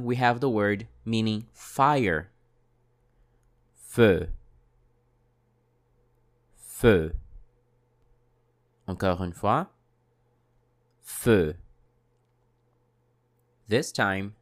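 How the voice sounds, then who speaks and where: A man leads a French pronunciation lesson, speaking in a slow, deliberate way. His voice sits a little low, and he repeats each vowel and word several times for the listener to copy. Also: fairly bright tone. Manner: models sounds slowly and repeats each one; brief French classroom prompts among English.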